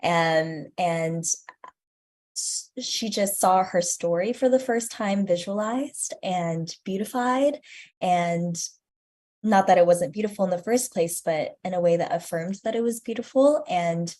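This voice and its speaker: Soft-trailing young woman in an interview. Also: on the low side, measured pace. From United States. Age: 20s. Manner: earnest, reflective, frequent ums, trailing softly. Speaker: guest, student curator. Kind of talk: interview answers.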